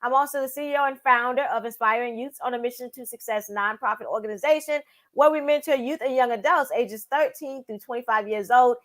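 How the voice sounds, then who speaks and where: A woman joins a live morning stream as a guest. She speaks eagerly and casually, full of yeses and fillers. Her voice sits somewhat high. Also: a little fast, a bit bright. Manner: eager, affirming, many fillers. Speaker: guest, sales director. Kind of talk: casual chat.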